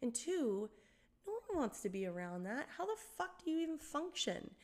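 Animated storytelling woman, fairly high voice. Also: moderate pace. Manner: animated storyteller, acts out quoted voices, laughs often, swears. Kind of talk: casual storytelling chat.

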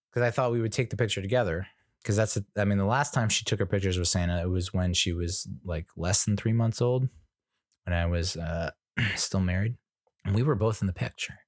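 Rambling exasperated man, lively voice. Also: low voice, no room sound, clean studio sound. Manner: rambling, exasperated, profane, acts out other people's lines. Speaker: podcast host. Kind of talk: casual storytelling monologue.

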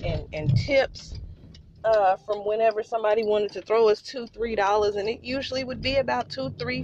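A woman's voice: medium pitch, highs cut off, background noise. A woman hosting a podcast, telling a personal story in a heartfelt way, often speaking straight to her listeners and holding back tears. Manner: heartfelt, addresses listeners as you guys. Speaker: podcast host.

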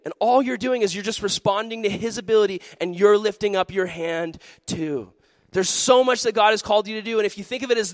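A man preaching a sermon to a live youth audience, telling animated, jokey stories with lots of energy. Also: sits high, moderate pace, no echo. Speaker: youth pastor.

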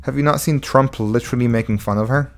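A man's voice: medium pitch, fast. A young man trades casual, profane banter as a podcast co-host. He argues heatedly and sounds exasperated, often slipping into mocking put-on quotes of other people.

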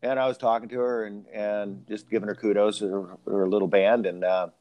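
A man's voice: fairly low pitch, level tone, brisk, no echo, lo-fi sound. A man hosting a casual conversation, telling long, rambling stories. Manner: rambling anecdotal storyteller.

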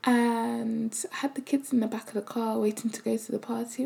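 Woman telling her faith story, soft almost-whispery voice, lots of fry, kinda hesitant. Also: fairly high pitch, fairly even intonation, normal speed, hardly any pauses. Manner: soft-spoken, often dropping to a breathy half-whisper; hesitant, with many fillers. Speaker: mother sharing a faith testimony. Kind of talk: personal testimony.

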